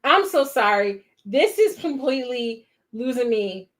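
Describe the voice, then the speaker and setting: A woman's voice: a little high, very animated, a little slow. Chatty woman talking back at a movie. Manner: talks back at the screen in disbelief; chatty, rambling, with trailing restarts. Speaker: movie reaction host. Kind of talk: casual watch-along commentary.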